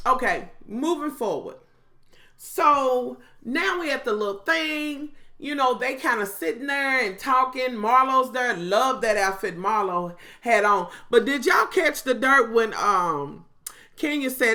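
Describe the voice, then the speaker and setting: A woman, recapping a reality show in a sassy, profane, animated monologue to her viewers. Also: a little high, unhurried. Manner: breaks into mocking impressions of others.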